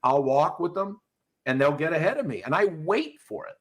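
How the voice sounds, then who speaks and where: Male dog trainer, podcast regular; blunt and profane, husky timbre. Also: a little high, very animated, moderate pace. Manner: blunt, swears freely. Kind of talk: casual coaching chat.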